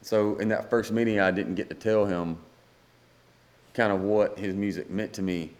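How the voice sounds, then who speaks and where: A man's voice: on the low side, steady tone, normal speed, darkish tone. A man, a guest singer-songwriter, telling a rambling story in a casual podcast chat and acting out the dialogue.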